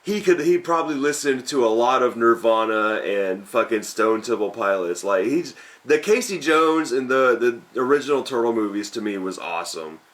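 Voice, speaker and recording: A man's voice: medium pitch, expressive, normal speed, few pauses, a bit bright. A man co-hosting a casual movie-review chat, laid-back and agreeable, swearing casually. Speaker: co-host.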